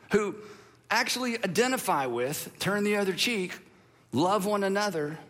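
A man's voice: high voice, big-room sound. A male pastor giving a humorous sermon, telling stories with playful drama. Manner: animated, playful dramatic storytelling.

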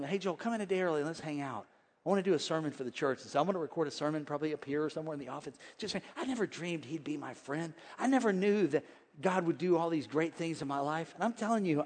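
High-voiced energetic male pastor preaching. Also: quick pace, in a large hall. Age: 40s. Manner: energetic, swings from shouting to hushed; folksy, joking preacher. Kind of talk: sermon. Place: large church hall with congregation.

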